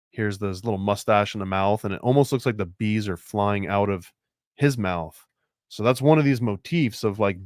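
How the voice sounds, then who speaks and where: A man's voice: fairly low pitch, smooth, no room sound, clean studio sound. A man hosting a casual show-and-tell of picture book art, rambling and unsure, full of likes and restarts. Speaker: host.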